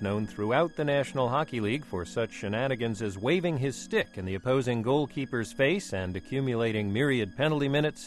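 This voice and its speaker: A male public radio host with a lively, wry delivery. His pitch rises and falls a great deal as he reads. Faint music sits under the voice.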